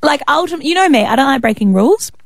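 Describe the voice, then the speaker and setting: Young woman radio cohost, giggly chatty, highish voice that bounces all over. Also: lively intonation, dry recording. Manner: giggly, quick to laugh, chatty. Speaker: radio co-host. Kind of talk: casual breakfast radio chat.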